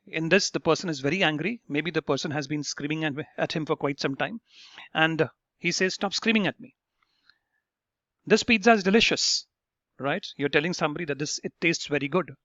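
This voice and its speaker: A man gives a step-by-step grammar lesson and keeps checking in with his listeners. His voice sits a bit high for a man. The sound is dry and a little muffled, with no room echo. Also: a bit bright. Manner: explains step by step, checks in with "right?". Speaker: English teacher. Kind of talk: explanatory lesson.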